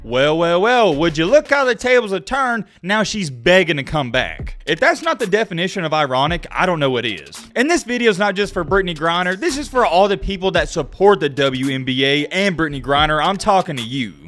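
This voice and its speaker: A man's voice: very animated, a little fast, hardly any pauses, a bit bright. A young man hosting his own channel, ranting brashly and provocatively straight to camera. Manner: brash and provocative, mocking women in a high whiny voice. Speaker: YouTube channel host.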